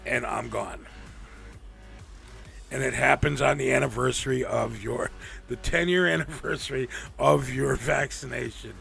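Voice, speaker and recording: Male livestream host, very gravelly, swears a lot and circles back on himself; mid-range pitch. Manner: rambling and profane, with frequent restarts. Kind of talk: casual livestream chat.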